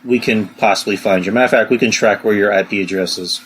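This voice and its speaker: Low-voiced rambling man, faint hiss. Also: fast, fairly bright tone. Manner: rambling, lots of "you know". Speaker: podcast co-host. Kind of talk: casual chat.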